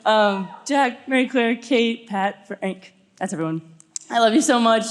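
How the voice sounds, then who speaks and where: Young woman grad, higher voice, gushing thanks, heavy noise. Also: measured pace. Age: young adult. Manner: warm, gushing. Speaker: graduating student.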